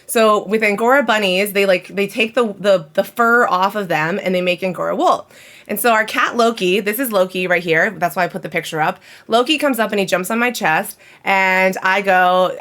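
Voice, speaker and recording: Animated and a little fast, this woman's medium-pitched, slightly bright voice carries a casual home livestream. She rambles chattily and addresses her chat directly.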